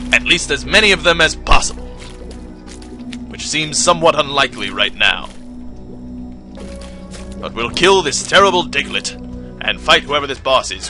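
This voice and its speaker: Wry young male game commentator. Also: on the high side. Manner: wry, self-deprecating, deadpan asides. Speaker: gameplay commentator. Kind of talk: casual let's play commentary.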